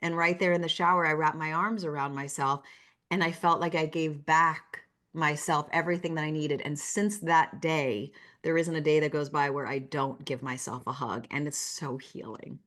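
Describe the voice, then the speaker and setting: A woman's voice: low voice, fairly even intonation, normal speed, fairly bright tone. A woman speaking as a guest in a casual interview, telling personal stories in an earnest, heartfelt way.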